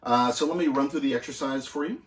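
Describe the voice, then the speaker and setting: Relaxed drum teacher in an echoey room. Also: male voice, mid-range voice. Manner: relaxed, halting with many fillers. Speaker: drum instructor. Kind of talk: casual instructional demonstration. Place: music school practice room.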